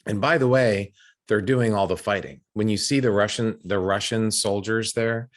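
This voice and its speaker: A man's voice: fairly low pitch, normal speed. A middle-aged American man hosting a casual podcast conversation, telling stories with frequent restarts. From United States. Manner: chatty, storytelling with frequent restarts. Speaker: podcast host.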